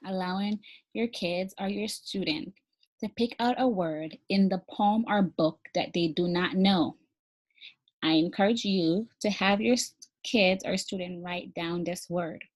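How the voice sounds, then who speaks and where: Woman teacher with a mid-range voice, encouraging and hands-on, walks parents through reading activities step by step. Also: medium pitch. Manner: encouraging, speaks directly to parents; models activities step by step, spelling words letter by letter. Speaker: early literacy teacher. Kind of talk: instructional video for parents.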